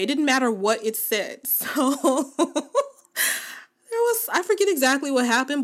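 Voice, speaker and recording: Woman podcast host, slightly high pitched, chatty, emphatic, laughs easily. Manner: emphatic, repeats points for weight. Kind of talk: casual chat to listeners.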